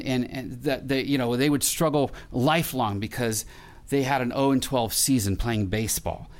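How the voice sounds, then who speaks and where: A man's voice: mid-range voice, steady tone, a little slow. A middle-aged male pastor preaching a sermon in a conversational way, with restarts and questions put to the congregation.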